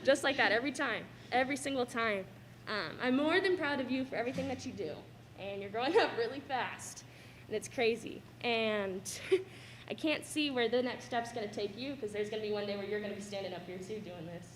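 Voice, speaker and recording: A woman's voice: fairly high pitch, a little fast, a little hiss or hum. A young woman giving an emotional thank-you speech in a school cafeteria, fighting back tears and laughing nervously between sentences. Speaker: student athlete giving a farewell speech.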